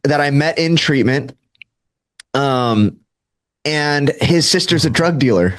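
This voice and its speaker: Speaking slowly and animatedly in a fairly high, fairly bright voice, a man in his thirties from Southern California candidly shares his recovery story. He jokes at his own expense, uses lots of fillers, and acts out what people said.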